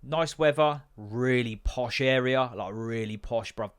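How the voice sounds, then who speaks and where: A man's voice: mid-range voice, a little slow, smooth. A man hosting a podcast, a stand-up comedian talking in a sweary, rambling comic rant.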